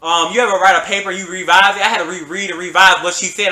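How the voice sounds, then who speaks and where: A young man vlogging a storytime, talking in an animated, slangy and emphatic way. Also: high voice, fast, reverberant. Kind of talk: storytime vlog.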